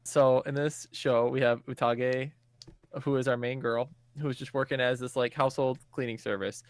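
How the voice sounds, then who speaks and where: A man on a podcast talks through a show's plot in a loose, rambling way, sprinkling in laughs and casual swearing. His voice sits at a middling pitch. The sound is close and dry, with no room around it. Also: steady tone, normal speed, no echo. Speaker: podcast co-host. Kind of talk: casual show recap.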